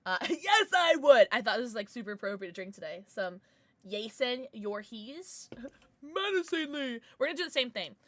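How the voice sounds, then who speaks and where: A young woman livestreams a game from her home setup, chattering away to her viewers. Her voice sits a little high and sounds bright and crisp, with a lively, swooping delivery. She bursts into sharp shrieks whenever something startles her, then slides back into easygoing, apologetic chatter. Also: quick pace, few pauses, dry recording. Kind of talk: live gameplay commentary chatting with viewers.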